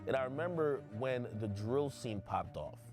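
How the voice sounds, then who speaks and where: A man in his thirties, a hip hop commentator, recalling his past in a lively, chatty documentary interview. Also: medium pitch, normal speed. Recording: music bed under interview.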